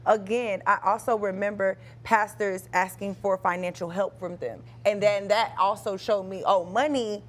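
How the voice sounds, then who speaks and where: A woman's voice: mid-range voice, fairly even intonation, moderate pace, hardly any pauses. A young adult woman co-hosting a talk show, sharing her experiences in an earnest, reflective way. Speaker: co-host.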